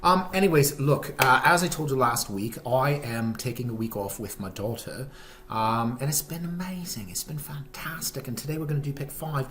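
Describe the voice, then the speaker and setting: A man's voice: mid-range voice, normal speed, fairly bright tone, a little hiss or hum, close to an everyday voice. A man putting on a fake British accent, talking hesitantly with many ums and self-mocking asides. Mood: jokey.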